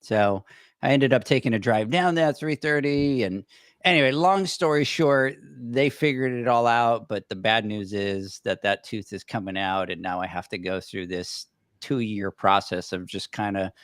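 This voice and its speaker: Low-voiced man telling a rambling story. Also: normal speed, fairly bright tone, no room sound, studio quality. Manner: rambling, self-deprecating anecdotes with many restarts. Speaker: podcast co-host. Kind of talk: casual storytelling chat.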